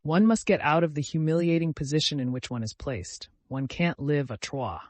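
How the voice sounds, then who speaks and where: A male audiobook reader voicing a cold, formal aristocratic husband who speaks in measured, stiff sentences. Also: fairly high pitch, darkish tone, no room sound, lightly acted. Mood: bitter.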